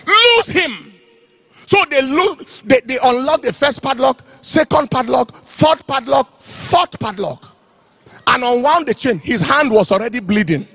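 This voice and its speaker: A man preaching an impassioned sermon, telling a story and shouting out phrases. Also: very high-pitched, measured pace, gravelly, slightly rough, dry recording.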